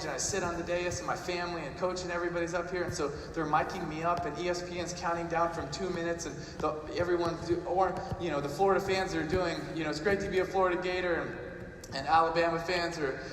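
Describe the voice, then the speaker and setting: A man, giving a motivational speech and telling a story that builds to emphatic repetition. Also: on the high side. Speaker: guest speaker. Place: large arena. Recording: roomy arena echo, distant mic, noisy.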